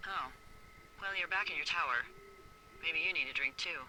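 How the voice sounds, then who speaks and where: An actress playing a sharp-tongued, teasing middle-aged woman who supervises fire lookouts, in video game voice acting over game music. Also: sits low, normal speed, slight background noise, low-quality recording. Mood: alarmed. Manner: wisecracking, teasing.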